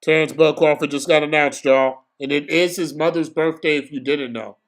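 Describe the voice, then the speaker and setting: A young man calls a boxing match live for his stream in a casual, slangy way, getting excited and breaking into shouts. His pitch sits fairly high and his pace is moderate.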